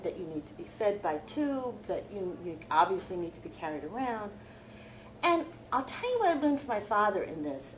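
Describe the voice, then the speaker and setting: A woman's voice: mid-range voice, a little mellow, lo-fi sound, slight background noise. A middle-aged woman, a law professor, giving a heartfelt, reflective personal lecture to students.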